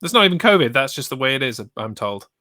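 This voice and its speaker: A man co-hosting a podcast with a bright, forward voice and dry, joking asides. The recording is close and dry. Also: mid-range voice, sing-song, fast, no echo. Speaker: podcast co-host. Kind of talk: casual chat.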